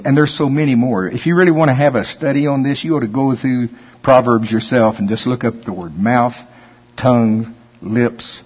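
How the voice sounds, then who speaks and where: A man pastor preaching a sermon in a church, reading scripture slowly and then commenting on it in a folksy, conversational way. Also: medium pitch, slightly rough. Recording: long hall reverb, dull lo-fi sound.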